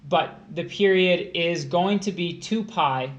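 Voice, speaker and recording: A man's voice: high voice, slow pace, highs cut off. A man tutoring test prep on a casual livestream, joking and rambling as he explains math. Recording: echoey room, faint hiss.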